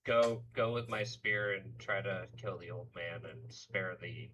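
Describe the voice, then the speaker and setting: A man takes his turn as a player in a tabletop game, quiet and laid-back. His voice is very deep, and it comes from some distance from the microphone over a faint hiss. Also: a little slow. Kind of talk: casual chat.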